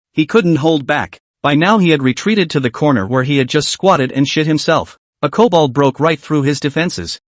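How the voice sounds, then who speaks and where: Male narrator, animated pitch, higher voice, dry close sound, comic recap. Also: no echo.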